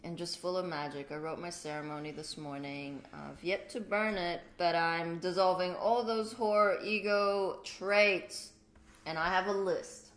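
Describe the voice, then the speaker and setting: A middle-aged woman talks slowly on a spiritual livestream, moving between quiet and loud bursts and swearing freely. Her voice sits in an echoey room. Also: lowish voice, steady tone. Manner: emotional, swearing, swings from soft to loud. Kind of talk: casual spiritual chat.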